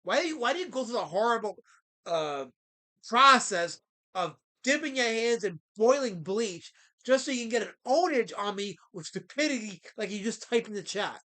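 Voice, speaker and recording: A man hosting a livestream, ranting at his chat in a theatrical, mock-indignant way and swinging between loud outbursts and low mutters. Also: lively intonation, moderate pace. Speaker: livestream host.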